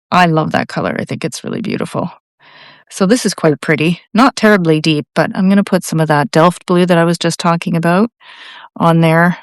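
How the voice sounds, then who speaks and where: A woman's voice: low voice, no room sound, clean studio sound. A middle-aged Canadian woman giving a real-time painting lesson, chatting and thinking aloud with enthusiasm. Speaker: art tutor.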